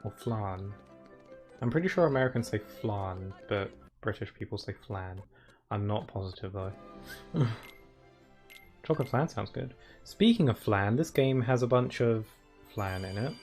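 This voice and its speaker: Man, game streamer, rambling casual commentary, mid pitch, faint game music behind. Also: lively intonation, normal speed, darkish tone. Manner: chatty and rambling, laughs often, many "like" fillers. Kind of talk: casual let's-play commentary.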